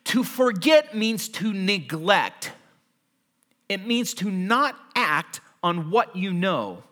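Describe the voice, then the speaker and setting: A man delivering a sermon from the pulpit, his voice high and bright. He swings his pitch widely as he tells everyday stories and acts out little scenes. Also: slow. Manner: animated storytelling, acting out everyday scenes. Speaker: pastor.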